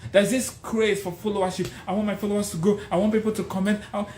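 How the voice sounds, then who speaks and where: A man's voice: sits high, little pitch movement, fast, a little mellow. A middle-aged man giving a passionate motivational speech, hammering points home by repeating them. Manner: passionate, emphatic, repeats phrases for effect. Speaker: motivational speaker. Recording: roomy echo, faint background noise.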